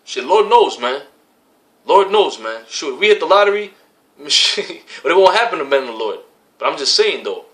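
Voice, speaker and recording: A man with a bright, forceful voice preaching in loose street talk. He swears freely, quotes scripture and hammers his points home with repeated phrases. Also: on the high side, sing-song, normal speed. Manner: profane and slangy, repeats phrases for emphasis. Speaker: religious camp member preaching. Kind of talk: casual street-style preaching.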